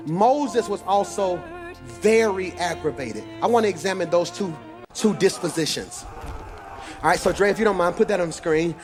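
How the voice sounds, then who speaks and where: High-voiced preaching pastor. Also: male voice, moderate pace, over music. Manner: animated preaching, shifting from low teaching to shouted sing-song whooping. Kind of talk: sermon. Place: church sanctuary with congregation.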